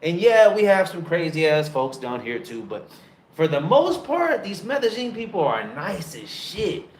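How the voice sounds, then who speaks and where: Loud, profane American man on a phone. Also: unhurried, slight background noise. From United States. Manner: loud, profane and animated, with big pitch jumps. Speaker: travel vlogger. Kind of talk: casual storytelling to camera. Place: dim room. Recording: echoey room on a phone.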